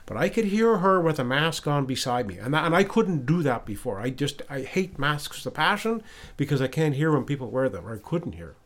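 A man's voice: on the high side, very animated, fairly quick, fairly bright tone. A man hosting a podcast, casually telling a personal story and retelling conversations, often restarting and repeating words. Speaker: podcast host. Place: lives in Ottawa.

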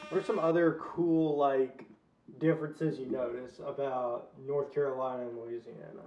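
A man's voice: mid-range voice, fairly even intonation, moderate pace, darkish tone, distant mic. A man from the Southern United States co-hosting a podcast in casual chat, talking loosely with lots of fillers. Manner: chatty, filler-heavy, laughs easily. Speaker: podcast co-host. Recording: echoey lo-fi room.

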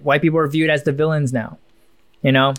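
Guy cohosting a chill podcast, rambly and thinking out loud, dry close mic, kinda high voice. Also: steady tone, a little fast, no echo. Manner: musing, rambling, many restarts and fillers. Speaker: podcast co-host. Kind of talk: casual podcast chat.

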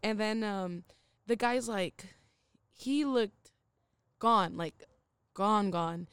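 Podcast co-host, female, smooth clear voice, laid-back profane storyteller, dry mic. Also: mid-range voice, drawn-out words, fairly bright tone, dry recording. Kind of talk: casual storytelling chat.

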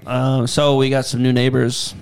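A man's voice: mid-range voice, monotone, moderate pace, creaky. A man co-hosting a podcast, telling a rambling story in casual chat and acting out what people said. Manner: rambling storyteller, acts out quotes. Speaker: podcast co-host.

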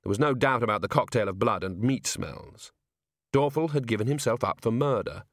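A man narrates a novel in a measured storytelling way, his voice at an ordinary mid pitch. The recording is dry and close, with no room sound. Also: lively intonation, no room sound. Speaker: audiobook narrator. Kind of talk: scripted narration.

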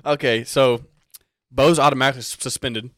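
A man's voice: mid-range voice, brisk, dry recording, clean studio sound. A young man hosting a podcast in casual chat, teasing and swearing freely. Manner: teasing, profane, animated. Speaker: podcast host.

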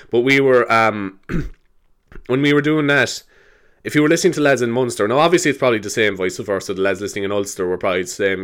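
A man's voice: fairly low pitch, a bit bright. An Irish man hosting a casual solo podcast, rambling and laughing as he tells stories. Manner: rambling, laughing, slipping into silly voices. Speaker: podcast host.

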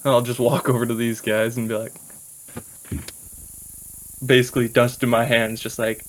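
A man playing a tabletop game, easygoing and unhurried as he describes what his character does. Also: mid-range voice, level tone, rough recording. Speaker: player. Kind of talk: casual tabletop play.

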